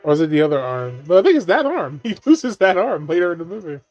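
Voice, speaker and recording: A man's voice: on the high side, sing-song, fast talker, darkish tone, no echo, lo-fi sound. A man giving casual watch-along commentary on a movie, laughing often and swearing freely as he riffs jokes.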